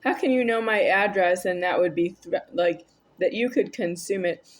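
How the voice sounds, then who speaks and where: A woman's voice: lowish voice, normal speed. A woman vlogging a rambling, argumentative monologue to camera, addressing an unseen listener.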